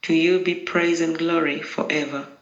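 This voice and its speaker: A prayer leader reciting daily liturgical prayers in a slow, measured, solemn way. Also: medium pitch, fairly even intonation, a bit bright, lo-fi sound. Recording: roomy echo.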